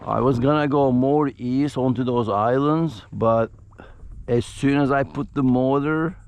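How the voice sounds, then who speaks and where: A man's voice: medium pitch, unhurried, a little mellow, lo-fi sound, slight background noise. A middle-aged man vlogging from a kayak on a lagoon, talking straight to his viewers in a chatty, frustrated way. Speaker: fishing vlogger. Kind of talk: casual vlog commentary. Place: outdoors on a kayak on a shallow lagoon.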